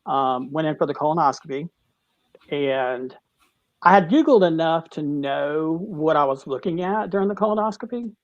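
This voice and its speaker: A middle-aged man, a teacher, tells his cancer story in an interview, halting and restarting, choked up at times. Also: fairly high pitch, dry recording, dull audio. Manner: halting, with many restarts, tearful at moments. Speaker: guest, cancer survivor. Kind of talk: emotional personal story in a talk-show interview.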